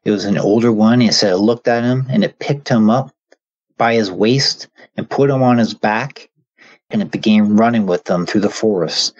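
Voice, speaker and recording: A man casually retelling a story he heard from someone else, speaking in a halting way with many fillers and restarts. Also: on the low side. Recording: dull lo-fi audio.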